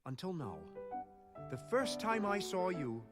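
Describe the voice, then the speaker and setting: A bashful romantic in a musical. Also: male voice, high-pitched, sing-song, measured pace. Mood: wistful, smitten. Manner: tentative, wistful, then sings a jaunty showtune. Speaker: singer on a musical cast recording. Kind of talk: musical theatre singing and dialogue. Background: orchestral music.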